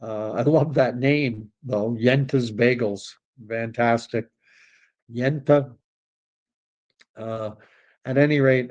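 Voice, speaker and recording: A man's voice: medium pitch, fairly even intonation, takes it slowly, pauses often, a little mellow. A Canadian man hosting a political livestream, chatting casually and rambling as he reacts to messages from viewers. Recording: dull lo-fi stream audio.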